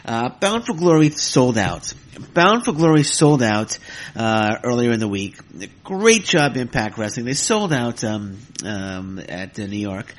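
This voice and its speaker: A man's voice: mid-range voice, very animated, unhurried. A man hosting his own wrestling podcast, ranting in a heated, exasperated way, with many fillers and some cursing. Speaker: podcast host. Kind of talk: solo wrestling podcast rant.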